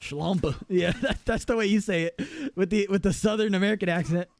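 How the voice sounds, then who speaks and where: Excitable, foul-mouthed male streamer. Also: sits high, brisk, gravelly. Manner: excitable, profane, laughs often. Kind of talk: casual live-stream chat.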